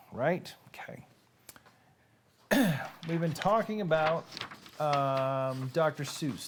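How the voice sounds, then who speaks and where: A man's voice: on the high side, background noise. Chatty joking man hosting a livestream. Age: adult with nieces and nephews who have babies. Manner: chatty and joking, talks straight to viewers. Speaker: host of a live-streamed reading show. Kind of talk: casual live-stream chat.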